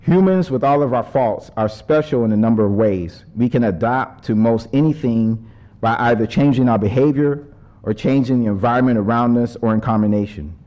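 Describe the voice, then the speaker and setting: A man giving a prepared speech as a panel speaker. His measured, earnest delivery turns loose and conversational when he strays from his text. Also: medium pitch, muffled recording. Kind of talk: prepared speech with ad-libbed asides.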